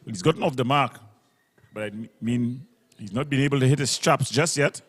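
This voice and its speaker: A man's voice: medium pitch, slightly rough. Male cricket commentator with reverb. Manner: brisk, describes field placings, self-corrects. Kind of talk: live ball-by-ball commentary. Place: local cricket ground broadcast.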